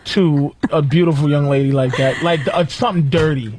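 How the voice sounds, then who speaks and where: A man's voice: fairly high pitch, fairly even intonation, a little fast, noisy background. A man trading profane, teasing banter on a radio talk show.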